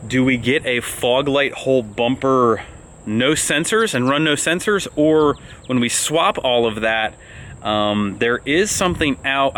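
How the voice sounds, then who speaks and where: A man's voice: medium pitch, a bit bright, a little hiss or hum. A man hosting a casual vlog, rambling and amped up as he walks through his plans. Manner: rambling and amped up, talking fast. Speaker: vlog host.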